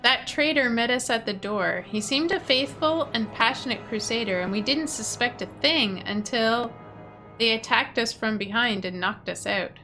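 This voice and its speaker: A woman's voice: a little high, normal speed, pushed and bright, faint music behind. A woman reading aloud the lines of a crusader survivor from a video game, in an earnest read-aloud way. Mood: grim.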